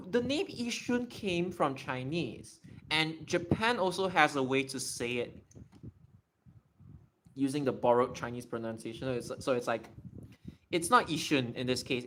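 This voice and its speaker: Streamer, chatty and excitable, voice swinging widely in pitch, keys clacking faintly behind. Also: a little slow, pauses often, slight background noise. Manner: excitable, thinks aloud while typing. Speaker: livestreamer. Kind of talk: casual livestream Q&A.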